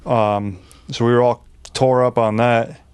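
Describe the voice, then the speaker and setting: A man's voice: medium pitch, fairly even intonation, unhurried, a little mellow, clear, resonant tone. A man, a podcast guest telling rowdy stories in casual chat, swearing freely and laughing often. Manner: profane, laughing, acts out quotes in raised voices. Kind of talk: casual storytelling.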